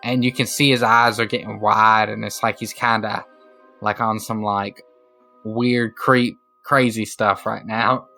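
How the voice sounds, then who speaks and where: Casual male game master, bright forward tone, loose narration. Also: on the low side, little pitch movement, unhurried, creaky, soft background music. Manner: casual, loose, full of fillers.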